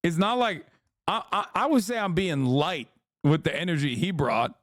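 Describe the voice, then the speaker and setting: A man's voice: fairly high pitch, normal speed, a bit bright, dry recording, clean studio sound. A man streaming casual commentary on a debate clip, joking and sarcastic, rambling with many fillers.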